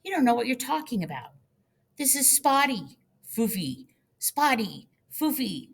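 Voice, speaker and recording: A woman puts on a young boy fighting to reclaim his dog. The voice climbs high and strains with tearful pleading, and a gravelly grain stays underneath. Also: sing-song, unhurried, heavily acted. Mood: insistent. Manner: pleading, rising to tearful cries.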